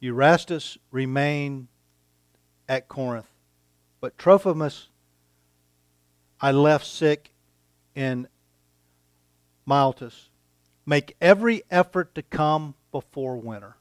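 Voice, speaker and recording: Slow, deliberate male preacher. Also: mid-range voice, no echo, clean studio sound. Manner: slow, deliberate preaching with dramatic pauses, reading scripture aloud. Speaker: pastor. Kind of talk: sermon.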